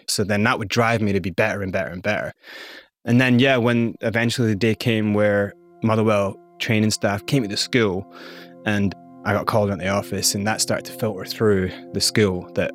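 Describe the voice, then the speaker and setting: A man's voice: lowish voice, fairly even intonation, moderate pace, soft background music. A man from Scotland who grew up partly in South Africa, telling his life story candidly and vividly as an interview guest. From Scotland, raised partly in South Africa.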